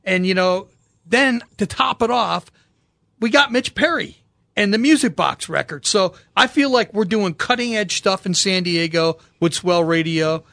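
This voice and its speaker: A man's voice: high-pitched, unhurried, creaky, fairly bright tone, no echo, studio quality. A man hosting a radio show, telling stories in an enthusiastic, slangy, casual way.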